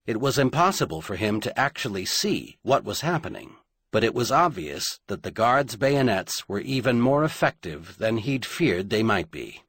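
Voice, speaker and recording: A man narrating an audiobook in a dramatic, measured storytelling manner. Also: fairly low pitch, very animated, fairly bright tone, slightly rough, no echo, clean studio sound.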